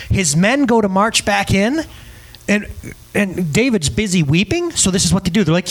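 Male pastor, casual humorous sermon delivery, animated intonation. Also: high voice, normal speed. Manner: casual, joking, lively storytelling. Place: church service.

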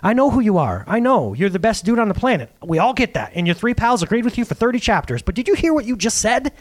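A pent-up young man who talks straight and casual, his voice climbing high and swinging widely as he presses his point, as a preacher acts him out. The delivery stays close to everyday speech. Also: big pitch swings, fast talker. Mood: exasperated. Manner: casual modern slang.

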